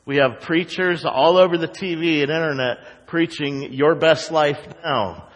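A male pastor preaching a sermon to his congregation, animated, with sarcastic asides to the people in the pews. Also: fairly high pitch, unhurried, in a large hall, rough recording. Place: church sanctuary.

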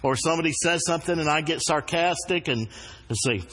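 Earnest preacher in a reverberant hall. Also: male voice, a little high, a bit bright. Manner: earnest, slows down to stress key words. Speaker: pastor. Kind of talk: sermon. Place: church sanctuary.

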